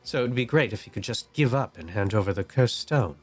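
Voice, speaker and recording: A man's voice: medium pitch, expressive, fairly quick, breathy edge, soft background music. A man voicing a weary young woman who has given up on her companion. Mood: resigned.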